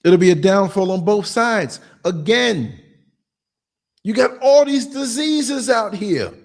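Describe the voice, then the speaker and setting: A man's voice: high voice, animated, slow, a little mellow. A man in his sixties hosting a podcast, telling blunt, streetwise stories and acting out quotes as he goes. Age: 60s. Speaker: podcast host. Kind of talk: casual monologue commentary.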